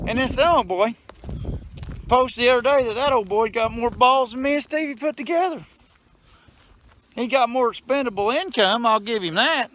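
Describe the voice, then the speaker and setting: A middle-aged man with a drawl holds forth outdoors in a folksy, cussing rant on a farm vlog. His voice sits fairly high, and the outdoor recording carries steady background noise. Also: moderate pace. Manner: folksy, cussing, fired-up ranting. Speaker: farm vlogger.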